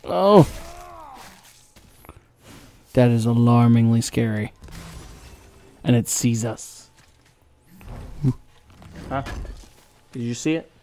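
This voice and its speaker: A man's voice: medium pitch, very slow, long pauses, dark tone, slight background noise. A man streaming a game, talking casually, reacting with exclamations and mimicking characters. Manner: chatty, mimics characters in silly voices; exclaims at sudden scares. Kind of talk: casual gameplay commentary.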